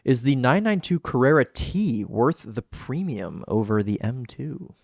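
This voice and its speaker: A man's voice: medium pitch, expressive, a little slow, vocal fry, a little mellow, dry recording, clean studio sound. A man co-hosting a car podcast in casual chat, rambling and enthusiastic with lots of fillers. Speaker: podcast co-host.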